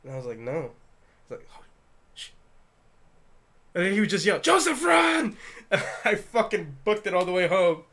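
A young man in casual conversation, telling a rambling story full of profanity and his own laughter. His voice sits a little higher than most men's. He talks loosely and easily. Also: expressive, fast talker, a bit bright. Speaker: podcast co-host. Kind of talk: casual chat.

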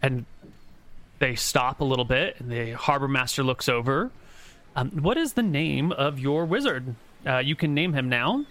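A man's voice: medium pitch, animated, moderate pace, fairly bright tone. A man narrating a tabletop game as game master, talking loosely with fillers.

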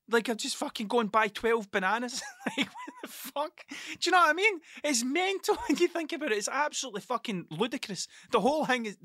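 A Scottish man hosts his podcast in a loose monologue, swearing constantly and losing track of his point before circling back. His voice is bright and forceful. The sound is dry and close, with no room echo. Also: very high voice. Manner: rambling, heavily profane, self-interrupting. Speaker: podcast host. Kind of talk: casual monologue.

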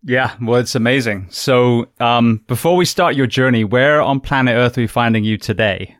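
A man's voice: mid-range voice, normal speed, no echo, studio quality. A man from the West Country with an English accent tinged with American, hosting a podcast interview with earnest enthusiasm. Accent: English West Country, with some American. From England. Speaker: podcast host.

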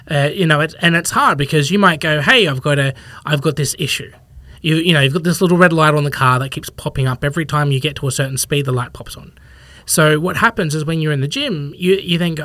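A man's voice: a little high, fairly quick, a bit bright, dry recording. A man talking as a podcast guest, rambling casually and acting out what people think in little quoted asides. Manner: rambling, acts out imagined people's thoughts in quotes. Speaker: podcast guest, fitness professional. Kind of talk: casual conversational interview.

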